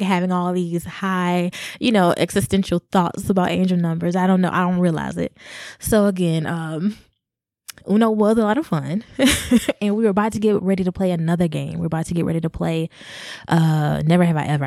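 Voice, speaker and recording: Young woman podcaster, lower-pitched voice, dry close mic, chatty storyteller who laughs a lot. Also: normal speed, creaky, no echo. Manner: animated, laughing often, addresses listeners as y'all. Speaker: podcast host. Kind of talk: casual storytelling.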